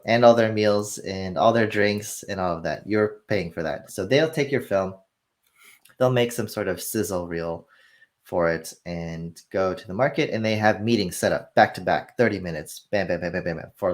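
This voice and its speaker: Interview guest, male, low voice, animated storyteller who plays out the dialogue himself. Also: moderate pace. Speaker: film industry guest. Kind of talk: casual conversational explanation.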